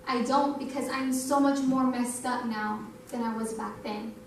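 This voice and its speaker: A woman's voice: fairly high pitch, fairly even intonation, measured pace, a little hiss or hum. A young adult woman giving a testimony sermon at a youth night, talking conversationally and acting out quoted dialogue. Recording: echoey hall from a distance.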